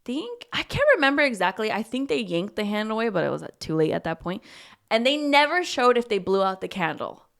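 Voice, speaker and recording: A young woman co-hosting a podcast, casually retelling a horror movie plot with lively acted-out lines and casual swearing. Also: mid-range voice, a little fast, gravelly. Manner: animated storytelling, acting out lines, swears casually. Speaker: podcast co-host.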